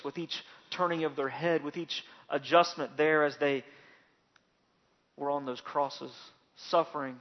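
Guy preaching, high-pitched, builds up loud and emphatic, kinda muffled recording. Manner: dramatic storytelling, building to loud emphatic peaks. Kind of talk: sermon. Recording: dull lo-fi recording.

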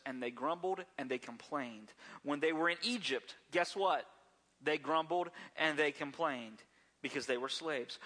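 A pastor with a highish, bright voice and forceful tone delivers a sermon. He speaks conversationally and frequently puts rhetorical questions to the congregation.

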